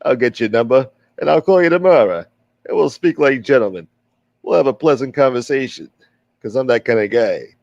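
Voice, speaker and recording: A man putting on a gruff old-school mobster who keeps calling himself a gentleman, menacing yet mock courteous. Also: mid-range voice, lively intonation, brisk, dry recording, highs cut off.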